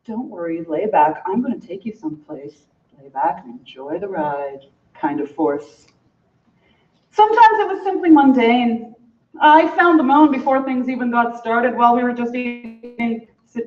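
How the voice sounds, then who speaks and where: An actress playing a proud, playful, sensual woman in a stage monologue, with slow, savoring delivery, heard from a distance in a large theatre. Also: on the high side. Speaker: stage actor. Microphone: distant audience camera. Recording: echoey hall from far off, dull.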